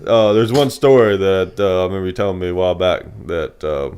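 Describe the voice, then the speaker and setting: A man's voice: deep voice, fairly quick, darkish tone, smooth. A man hosting a casual podcast, easygoing, agreeing often and laughing along. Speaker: podcast host.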